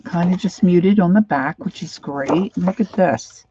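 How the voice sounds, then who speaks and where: A woman casually chatting through a craft livestream from her home craft room, rambling and sometimes dropping into soft whispered asides. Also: lowish voice, unhurried, lo-fi sound, slight background noise.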